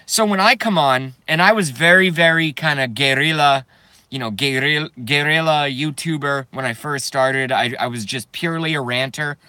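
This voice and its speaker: A man's voice: a little high, moderate pace, pushed and bright, no echo. A man ranting on a live stream to his chat, profane and rambling, breaking into nervous giggles. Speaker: YouTube streamer.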